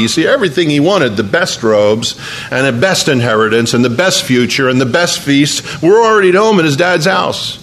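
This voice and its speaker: A man's voice: on the high side, expressive, normal speed, a bit bright. A man pastor delivering a sermon to a congregation in church, telling a story and often repeating his words as he preaches.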